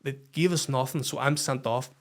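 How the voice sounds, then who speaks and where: A man with a Northern Irish accent, a football coach guesting on a podcast, telling a story in a lively, swearing, casual way. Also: medium pitch, normal speed. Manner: animated, swears freely, acts out heated quotes.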